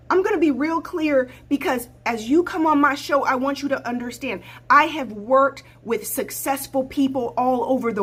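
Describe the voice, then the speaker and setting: A woman's voice: high voice, a bit bright, husky. A woman life coach hosting her own show, talking straight to viewers in a blunt, preachy way and repeating points for emphasis. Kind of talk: livestream talk to viewers.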